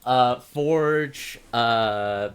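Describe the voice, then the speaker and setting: Slow, deliberate male game master. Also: medium pitch, clear, resonant tone. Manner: slow, deliberate narration with rising emphasis on speeches. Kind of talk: narrating a tabletop game.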